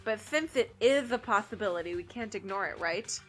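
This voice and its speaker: A woman reading the lines of a calm, reserved teenage girl detective, explaining in a cool, measured way. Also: mid-range voice, music in the background, close to an everyday voice. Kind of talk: reading game dialogue aloud.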